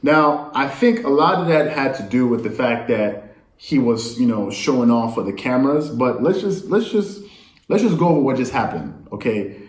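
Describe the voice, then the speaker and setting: A man's voice: medium pitch, expressive, moderate pace. Man riffing on sports news in an echoey room. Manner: rambling, incredulous, addresses viewers directly. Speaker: sports commentator. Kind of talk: casual sports talk monologue.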